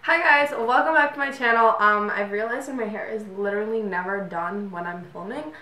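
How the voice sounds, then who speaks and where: A woman's voice: medium pitch, moderate pace, bright, forceful tone. Rambling young woman in a roomy echo. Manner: rambling, chatty, with frequent fillers. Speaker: beauty vlogger. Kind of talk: get-ready-with-me makeup chat. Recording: roomy echo, distant mic, faint noise.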